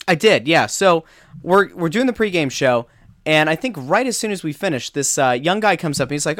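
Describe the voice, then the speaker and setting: A man's voice: a little high, brisk, dry recording. Guy on a sports podcast telling a story, voice bouncing all over, dry close mic. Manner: animated storytelling with many restarts. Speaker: podcast co-host. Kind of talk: casual sports chat.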